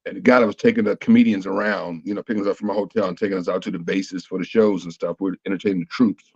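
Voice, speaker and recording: A man's voice: sits low, steady tone, rapid-fire, vocal fry, darkish tone, no room sound, lo-fi sound. A man, a comedian, talking casually and rambling with lots of fillers and restarts. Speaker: comedian guest. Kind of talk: casual panel chat.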